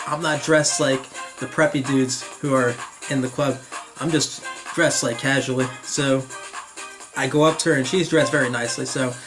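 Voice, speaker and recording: A young man from northern New Jersey with a New Jersey accent, telling a long rambling story to camera, stumbling over and repeating words and laughing to himself. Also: a little high. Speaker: vlogger.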